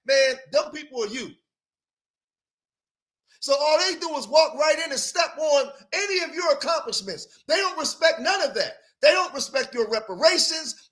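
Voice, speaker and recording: A man's voice: extremely high pitch, bright, forceful tone. A man hosting a reaction commentary show, talking emphatically and rhetorically and often checking in with his listeners. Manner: emphatic, rhetorical, keeps asking "right?". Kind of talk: reaction commentary on played clips.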